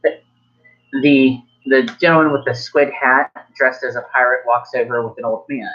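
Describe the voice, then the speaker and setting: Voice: mid-range voice, fairly even intonation, moderate pace, a bit bright, dull audio, faint music behind. A game master narrating a tabletop game in a casual, loose way, full of fillers.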